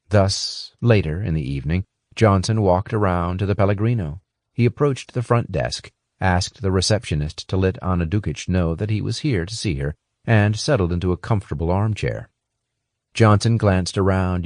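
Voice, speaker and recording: A man reading a thriller audiobook in a steady, even scripted narration. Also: sits low, no room sound, clean studio sound.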